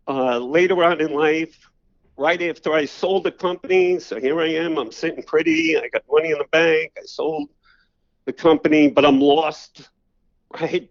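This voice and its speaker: An older man, a podcast guest telling personal stories in a loose, rambling way full of "you know" fillers. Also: a little high. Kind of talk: casual storytelling interview. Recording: slightly dull lo-fi audio.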